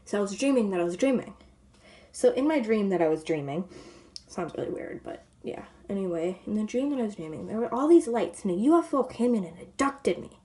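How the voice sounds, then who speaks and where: A woman's voice: medium pitch, expressive, fairly quick. A woman vlogger telling a long story in a casual, rambling way, full of "like" and "you know", sometimes dropping to a whisper. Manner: drops to a soft whisper at times.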